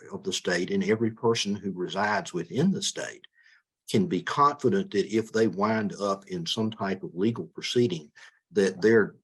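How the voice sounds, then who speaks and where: A man running as a judicial candidate answers interview questions in a measured way, though he often stumbles and repeats words. His voice sits low and has a breathy edge.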